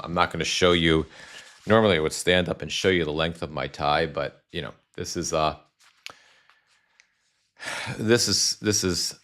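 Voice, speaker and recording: A man's voice: rumbling low, fairly bright tone. A man hosting a live stream from home, rambling casually with self-deprecating asides and frequent restarts.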